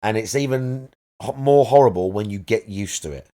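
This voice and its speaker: A man's voice: on the low side, normal speed, dark tone. A man streaming a game live, chatting casually and rambling as he searches aloud for the right words. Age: adult parent.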